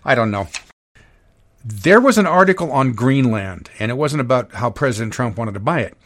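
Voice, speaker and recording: A man's voice: medium pitch, animated, moderate pace, fairly bright tone, no echo. A man hosts a political talk podcast in an easy, rambling way, with plenty of fillers. His mid-range voice sits close to the mic in a very dry room. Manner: loose and conversational, with frequent fillers. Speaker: podcast host.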